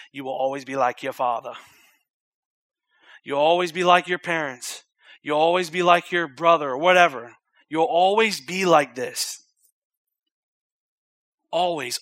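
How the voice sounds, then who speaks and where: A young male pastor delivers a sermon in a slightly higher-than-usual voice, recorded close and dry with no room sound. He hammers repeated phrases with rising urgency, then sinks to soft, intimate near-whispers. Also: dry recording. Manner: swings from loud urgent repetition to hushed near-whispered intimacy.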